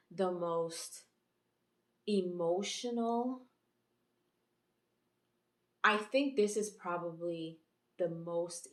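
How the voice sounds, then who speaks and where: A woman's voice: fairly low pitch, echoey room. A woman host giving a casual, chatty episode review, rambling with fillers and restarts. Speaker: YouTube reviewer and channel host.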